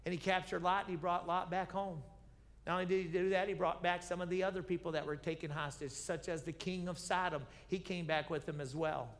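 A man's voice: high-pitched, steady tone, fairly quick, fairly bright tone. A man preaching a sermon as pastor, telling Bible stories with animation, acting out the characters' lines and repeating key phrases as he questions the congregation. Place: church sanctuary. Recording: reverberant church sanctuary broadcast.

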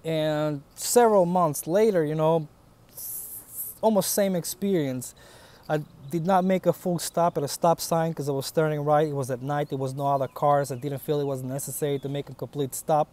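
A man's voice: a little high, steady tone, moderate pace, mellow. A man in his thirties with a foreign accent, talking bluntly and casually to camera, swearing as he tells stories. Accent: foreign accent in English. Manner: blunt, profane, storytelling. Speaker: vlogger.

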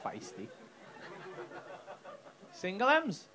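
Male stand-up, teasing crowd work, animated delivery, live club recording with a noisy audience. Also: high-pitched, drawn-out words. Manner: cheeky, sweary, teasing. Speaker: stand-up comedian. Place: comedy club stage. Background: loud audience laughter.

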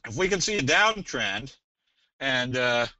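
A man presenting a trading webinar in a casual, folksy, joking way with a salesy pitch. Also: sing-song, a little slow, sharp tone, no room sound. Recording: dull dry webinar audio.

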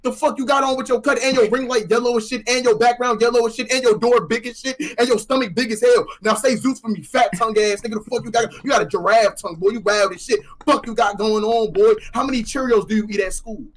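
A young man on a call firing off a loud, mocking roast with repeated taunts. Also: very high voice, fairly even intonation, fast talker, few pauses. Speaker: roast contestant. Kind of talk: rapid-fire roast.

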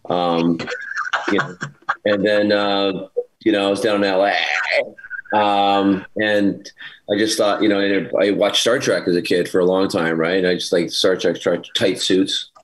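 Self-mocking man with a lowish voice. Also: steady tone, measured pace. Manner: self-mocking, laughing anecdotes. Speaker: actor panelist. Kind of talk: casual panel chat.

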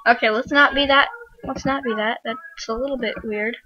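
Teen girl, high bright voice, giggly casual gaming chat, lo-fi home recording. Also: steady tone, fairly quick. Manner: giggly, chatty. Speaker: gaming channel host. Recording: muffled lo-fi home mic with hiss.

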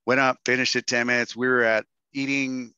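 A man's voice: medium pitch, flat delivery, fairly quick, pushed and bright, clear, resonant tone, no echo, lo-fi sound. A middle-aged man from Texas, telling a story to a workshop audience and acting out the quotes in raised voices. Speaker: guest speaker.

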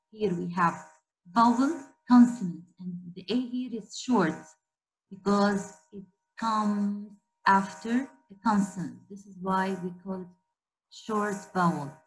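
In a rough recording, a medium-pitched woman teaches a class spelling. She says each word over slowly and with emphasis, stopping to put questions to the students.

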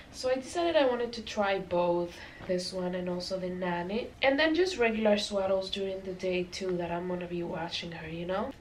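A woman's voice: mid-range voice, a little hiss or hum, low-quality recording. A young pregnant woman chatting to viewers while she tidies a nursery, a little out of breath, recorded on a camera on a tripod. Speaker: vlogger. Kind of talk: casual vlog chat. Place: nursery room at home.

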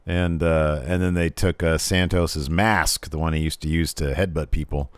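A man co-hosting a podcast, casually recapping a wrestling show and breaking into loud, exaggerated impressions when he quotes the wrestlers. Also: rumbling low, animated, normal speed, no room sound. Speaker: podcast co-host.

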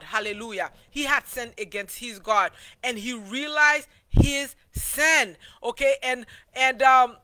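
A man's voice: very high voice, sharp tone. A man teaching a Sabbath School Bible lesson in a loose, preachy way, with many fillers and restarts.

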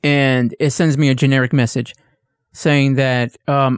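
A man's voice: mid-range voice, measured pace, clear, resonant tone, no echo, clean studio sound. A man on a casual podcast, ranting and swearing as he tells a story and acts out exchanges in a raised voice. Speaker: podcast co-host. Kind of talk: casual chat.

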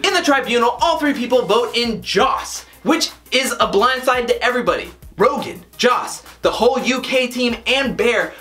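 A man's voice: very high voice, expressive, moderate pace, few pauses, sharp tone, soft background music. A man giving an emphatic, critical recap of a reality TV episode.

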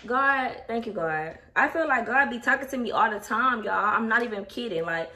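Young woman vlogger, chatty and emotional, crisp bright tone, mic set back with faint hiss. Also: a little high, lively intonation, normal speed. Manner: chatty, talks straight to viewers, emotional. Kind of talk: casual vlog chat. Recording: distant mic, faint background noise.

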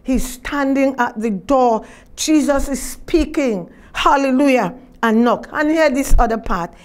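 High-voiced woman preaching with fervor. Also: a little slow. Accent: Trinidad and Tobago. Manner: fervent preaching with frequent hallelujahs. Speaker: minister. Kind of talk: sermon.

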